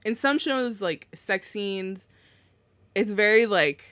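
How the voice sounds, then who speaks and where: A woman's voice: medium pitch, takes it slowly, fairly bright tone, no echo. A young adult woman co-hosting a casual podcast chat, easygoing and agreeable, retelling scenes. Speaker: podcast co-host.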